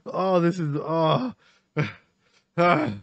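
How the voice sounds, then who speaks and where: A man's voice: fairly high pitch, steady tone, extremely slow, vocal fry, dry recording, dull audio. A man giving casual reaction commentary as a streamer, emotional, laughing often and swearing.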